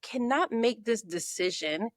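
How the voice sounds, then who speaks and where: A woman, a podcast guest and marketing coach, telling her story in a lively way and acting out her own thoughts. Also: fairly high pitch, unhurried, no echo, studio quality. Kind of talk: conversational storytelling.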